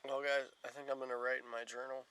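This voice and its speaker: A man's voice: medium pitch, flat delivery, quick pace, a bit bright, clean tone, low-quality recording. A tired man talking casually to the camera from his tent at a campsite, rambling and yawning. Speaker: outdoors vlogger. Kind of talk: casual solo camping vlog.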